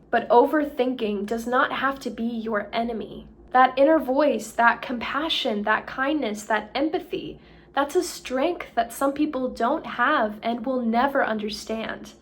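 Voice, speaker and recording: A woman with a fairly high voice gives an earnest self-help talk to camera. She speaks directly to the listener in a steady coaching tone.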